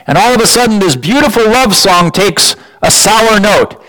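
A man preaching a sermon, building emphasis with sudden rises in pitch and repeating words as he restarts his phrases. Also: animated, normal speed, pushed and bright, low-quality recording.

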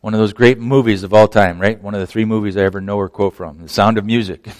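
A man preaching a sermon as pastor, animated, acting out quoted voices and dropping to near-whispers at the ends of phrases. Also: lowish voice, fast talker. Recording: long reverb of a large hall.

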